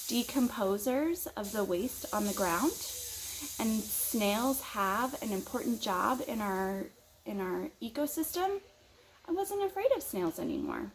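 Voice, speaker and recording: Slow, lively woman telling a kids' story. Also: fairly high pitch, slight background noise, rough recording. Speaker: children's storyteller at church. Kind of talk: children's story time.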